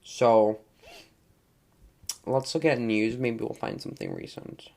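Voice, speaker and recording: Rambling young podcast host. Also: male voice, medium pitch, wildly swooping pitch, takes it slowly, creaky, a little mellow, slight background noise. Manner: rambling, stumbles over hard names, filler-heavy. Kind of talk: casual solo podcast talk.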